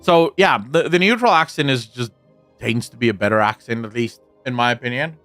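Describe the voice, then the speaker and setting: A man's voice: mid-range voice, a little fast, a bit bright, soft background music. Rambling opinionated man chatting on stream. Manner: rambling, opinionated, frequent restarts. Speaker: streamer answering chat. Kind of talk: casual livestream chat.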